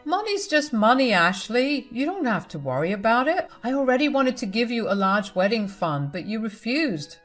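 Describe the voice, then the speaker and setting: A woman voicing a loving, generous young man, her fiancé, who speaks gently and reassuringly. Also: fairly high pitch, sing-song, normal speed, hardly any pauses, faint music behind, pitched above the performer's own voice.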